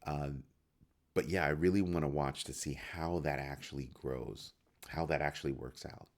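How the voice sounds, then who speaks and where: A man's voice: rumbling low, steady tone, moderate pace. A man hosting a crypto news show in casual solo commentary, firing rhetorical questions and restarting his phrases. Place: home studio at a computer.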